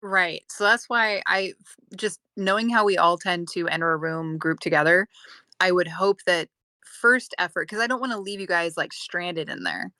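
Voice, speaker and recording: A woman's voice: on the low side, moderate pace, sharp tone, no room sound, clean studio sound. A woman playing a tabletop game, arguing her reasoning casually with fillers. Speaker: player.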